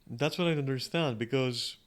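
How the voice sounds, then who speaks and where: A man's voice: medium pitch, a little fast. A man streaming a game, thinking aloud in loose, rambling talk full of fillers and casual swearing. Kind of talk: casual gameplay commentary.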